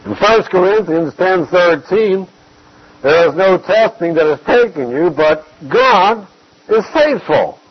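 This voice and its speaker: A man giving an expository Bible teaching, measured and emphatic, repeating key phrases to drive points home. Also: high voice, lively intonation, breathy edge, lo-fi sound.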